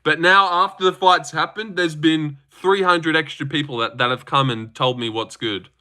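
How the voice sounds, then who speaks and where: A young Australian man hosting a casual livestream, reading viewer comments in a brash, animated way with lots of swearing. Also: moderate pace. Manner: animated and brash, swears a lot, big pitch jumps. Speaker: livestream host.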